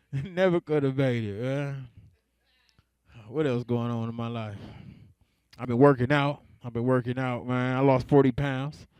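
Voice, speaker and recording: A young man performing stand-up in an easy, laid-back way, chuckling to himself between jokes. His voice sits a bit high for a man and sounds close and dry. He stretches out his punchlines. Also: darkish tone, smooth, no room sound. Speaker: stand-up comedian. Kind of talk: stand-up comedy set.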